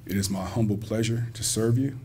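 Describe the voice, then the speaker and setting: A man with a fairly low, slightly mellow voice speaks fairly quickly as a college president at a community banquet held in a school hall. His banquet speech is folksy and joking, aimed right at the audience, and there's a little hiss or hum in the recording.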